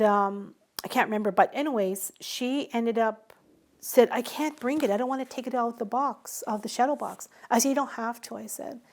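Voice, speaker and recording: A middle-aged woman tells stories in a relaxed interview. Her voice sits a little high, and she brings in quoted dialogue with animation. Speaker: interviewee, small business owner. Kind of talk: conversational storytelling interview.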